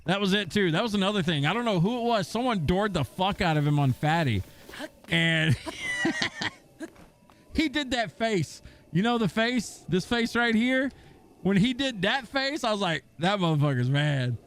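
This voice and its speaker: A young man streaming and chatting with viewers, telling stories in a profane, animated way and slipping into mocking impressions. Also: high voice, measured pace. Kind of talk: casual chat with stream viewers.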